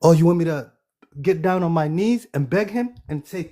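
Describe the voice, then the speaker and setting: A man from Somalia answering firmly and deliberately in a live panel debate, often addressing the other man as brother. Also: fairly high pitch, lively intonation, dark tone. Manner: measured, firm, calls listener brother. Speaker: panel participant.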